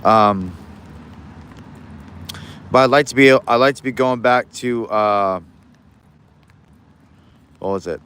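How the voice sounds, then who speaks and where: A man's voice: medium pitch, takes it slowly, long pauses, fairly bright tone, clear, resonant tone. A young man in Alaska chatting casually on a fishing livestream, rambling and easygoing with many restarts, recorded outdoors in the rain on a phone.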